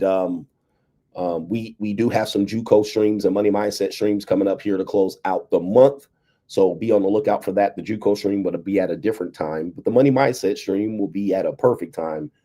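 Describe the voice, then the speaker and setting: American man, livestream host, casual monologue, low mellow voice, keeps saying all right. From United States. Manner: repeats "all right" between phrases, chuckles. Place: abroad, indoors.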